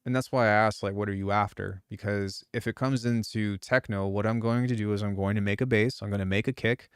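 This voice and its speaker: A music producer chats casually on a live stream, rambling, swearing freely and restarting his sentences often. His voice is on the low side, steady and smooth, a little fast, and the studio-quality recording is dry.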